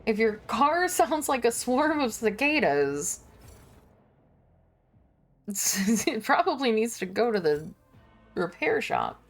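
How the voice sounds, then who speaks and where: A woman's voice: fairly high pitch, very animated, slow, long pauses, faint music behind. A woman streamer chatting casually during gameplay, swearing lightly and laughing often.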